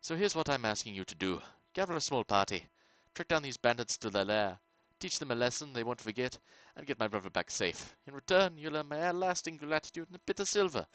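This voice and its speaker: A man voicing a worried townsman from a game who persuades a stranger to rescue his brother, in a put-on accent and a measured, coaxing manner. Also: mid-range voice, expressive, fairly bright tone, no echo, pitched above the performer's own voice, lightly acted, poor audio. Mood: persuasive. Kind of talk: reading game dialogue aloud.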